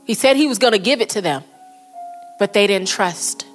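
A woman preaching a sermon to a congregation, speaking earnestly and slowing down for quotes and prayers. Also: mid-range voice, animated, soft background music.

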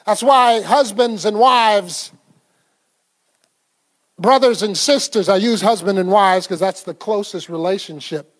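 A man's voice: sits high, a little slow, long reverb tail. A man preaching a sermon in a conversational way, quizzing the congregation and laughing often. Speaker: pastor.

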